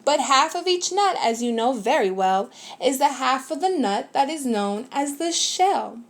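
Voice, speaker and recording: A woman's voice: high voice, expressive, measured pace. Woman putting on a sneaky bossy little bug. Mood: gloating. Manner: bossy, gloating, snappish. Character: sneaky bossy male beetle, small, greedy. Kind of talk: storybook read-aloud.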